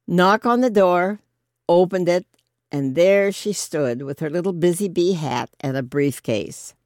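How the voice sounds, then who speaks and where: A woman's voice: deep voice, darkish tone, dry recording. Chatty woman, dry close sound. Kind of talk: casual anecdote telling.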